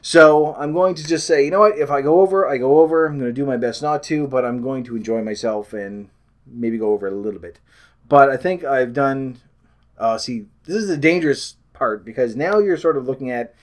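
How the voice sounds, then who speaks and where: A man's voice: medium pitch, brisk. A man from Canada, chatting in a rambling, self-deprecating way on a weight loss vlog and often losing his train of thought.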